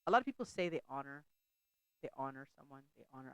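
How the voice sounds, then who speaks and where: A woman's voice: very deep voice, lively intonation, fast, clear, resonant tone, no echo, poor audio. A middle-aged woman hosting a faith talk show, preaching in a chatty, conversational way and often breaking off to laugh or restart a thought.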